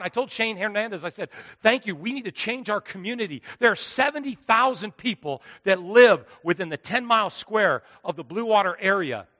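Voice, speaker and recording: A high, bright male pastor delivers a sermon, dropping to hushed asides and then rising to loud, driving lines. His voice carries a long hall reverb. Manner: preaching with sweeping swings between hushed and loud.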